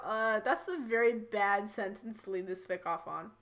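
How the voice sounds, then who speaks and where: A woman's voice: medium pitch, normal speed, fairly bright tone. A woman streamer reading fan fiction aloud and commenting in a rambling, giggly, incredulous way. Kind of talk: live-read with commentary.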